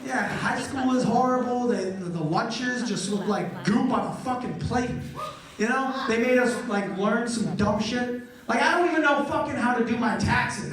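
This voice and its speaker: Man, stand-up comedian, loud animated storytelling, echoey venue. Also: high voice. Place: college theater stage with audience. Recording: echoey live venue, mic from a distance.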